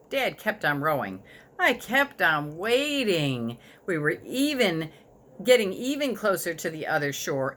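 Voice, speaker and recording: Expressive woman reading a storybook. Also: lowish voice, measured pace. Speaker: reader. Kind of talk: storybook read-aloud to a child.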